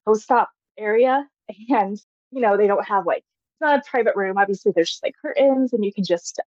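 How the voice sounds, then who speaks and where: A woman in her thirties, guesting on a podcast, tells her personal story in a chatty, casual way, laughing often and saying "like" constantly. Her medium-pitched voice moves at a moderate pace with a darkish tone. The audio is lo-fi, without echo.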